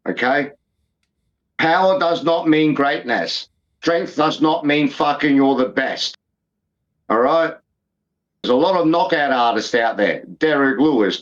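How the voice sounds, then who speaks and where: A man's voice: a little high, fairly bright tone. A man in his fifties co-hosting a fight podcast, talking in emphatic, repetitive bursts and swearing freely. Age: 50s. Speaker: podcast co-host. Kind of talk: casual sports banter. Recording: dull lo-fi sound.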